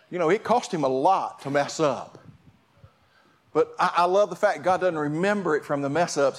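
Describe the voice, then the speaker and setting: A man preaching a sermon as pastor, impassioned, repeating words and restarting his phrases. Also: fairly high pitch.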